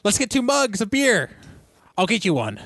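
Guy doing a bubbly super polite pale dude, way higher voice, dry sound. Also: huge pitch swings, moderate pace, gravelly, fairly bright tone, no echo, exaggerated voice. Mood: cheerful. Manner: bubbly, apologetic, high-pitched. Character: cheerful pale young man, overly polite.

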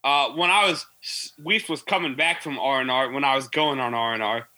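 A man's voice: mid-range voice, a little fast, pushed and bright, slight background noise, poor audio. A young man, an army veteran, telling rambling stories with lots of fillers in a casual podcast chat.

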